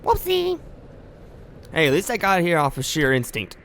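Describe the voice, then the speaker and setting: A man's voice: on the high side, animated, fast, sharp tone, a little hiss or hum. A man streaming a driving game, talking in rambling, joking asides full of fillers. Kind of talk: casual gameplay commentary.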